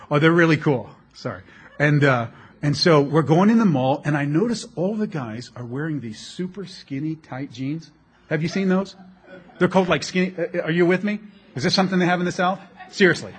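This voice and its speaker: Husky, jokey middle-aged male preacher. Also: a little high. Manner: animated, jokey storytelling with repeated restarts. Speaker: pastor. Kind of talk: sermon with humorous stories.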